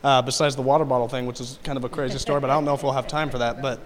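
A man's voice: medium pitch, fairly even intonation, racing. A man recounting a trip to a group in a casual, rambling way with many restarts and laughs. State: tearful. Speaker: mission trip member. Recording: long hall reverb.

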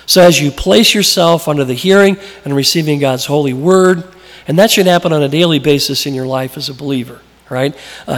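A man's voice: on the high side, long reverb tail. A man preaching a sermon in a conversational way, asking the congregation questions and telling stories from his own life. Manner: conversational, asks questions, tells personal stories. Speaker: preacher and Bible teacher.

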